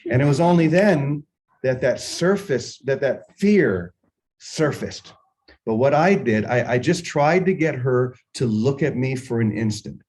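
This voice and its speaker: An older man hosting a morning spiritual session, musing unhurriedly and telling a personal story with gentle humor. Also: mid-range voice, lively intonation, measured pace, low-quality recording. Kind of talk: reflective spiritual talk with storytelling.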